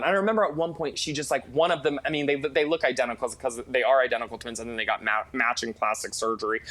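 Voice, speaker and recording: Chatty, profane male storyteller. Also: a little high. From Los Angeles. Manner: animated, profane, gossipy storytelling with many restarts. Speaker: guest, celebrity makeup artist. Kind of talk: casual storytelling interview.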